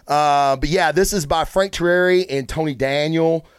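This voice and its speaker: A man with a slightly high voice hosts a casual comic review and rambles excitedly through the plot. He swears freely. The sound is dry and close, with no room echo. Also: normal speed, clean tone. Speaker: host of a comic book review show. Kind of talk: casual solo review talk.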